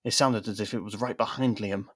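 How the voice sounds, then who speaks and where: Low-voiced man narrating a fan story. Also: brisk, slightly rough, no echo, studio quality. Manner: reads all parts, lively character voices. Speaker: narrator and audiobook-style reader. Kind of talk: scripted narration of a fan audio drama.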